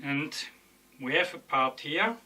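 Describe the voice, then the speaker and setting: A man giving a casual, hesitant explanation while pointing things out on a map, often pausing to search for words. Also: a little high, lively intonation, bright, forceful tone, a little hiss or hum. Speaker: video explainer.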